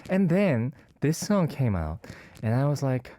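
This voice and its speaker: Man, radio co-host, hesitant, searching for words, mellow low voice, dry sound. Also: sing-song, unhurried, dry recording. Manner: hesitant, many fillers and restarts, searching for words. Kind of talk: casual chat presenting a song.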